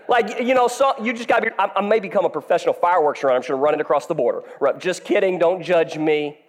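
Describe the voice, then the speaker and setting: A man's voice: high-pitched, quick pace, few pauses. A man in his thirties preaching a sermon as pastor, playful and joking with the congregation. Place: church hall. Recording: long hall reverb.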